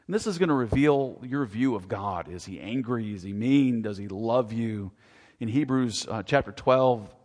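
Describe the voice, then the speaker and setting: A man's voice: medium pitch, in a large hall. A man preaching a sermon as pastor, earnest and preacherly, often rising into emphatic questions.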